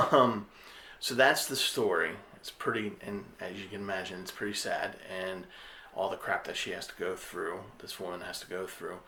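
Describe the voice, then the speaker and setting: Podcast host, male, low-ish bright voice, rambling casual review. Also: steady tone, normal speed, slight background noise. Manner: retells plot loosely with frequent fillers and restarts.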